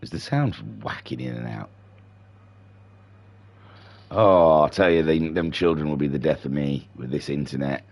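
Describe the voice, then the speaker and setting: A man's voice: rumbling low, normal speed, gravelly, pauses often, a little mellow. A man doing live commentary for a sim racing league stream, chatty and rambling, with self-deprecating asides. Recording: music playing behind voice. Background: music.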